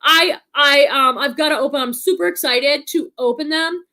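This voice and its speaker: A woman with a high, bright, forceful voice speaks at a moderate pace, carrying a slight Boston accent. She hosts a casual livestream, chatting upbeat with viewers and reading their comments aloud.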